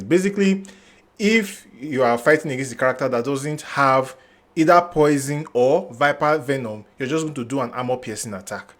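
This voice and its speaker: A young man hosting a game guide channel, thinking aloud as he reads through new character skills and restarts his lines. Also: medium pitch. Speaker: gaming channel host. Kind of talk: casual game guide commentary.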